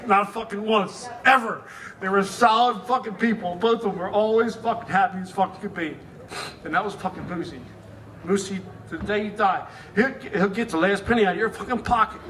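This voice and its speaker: Profane high-voiced man telling stories. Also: fairly quick, fairly bright tone, slight background noise. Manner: blunt, swears constantly, chuckles through stories. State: drinking. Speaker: friend giving a eulogy. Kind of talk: rambling profane storytelling. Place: memorial gathering.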